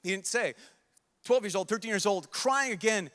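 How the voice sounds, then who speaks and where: At a moderate pace, the young priest speaks in a high-pitched voice that is bright and forceful, pleading earnestly with a large crowd at a youth conference. He repeats himself throughout this emotional sermon, which echoes with long reverb in the big conference hall.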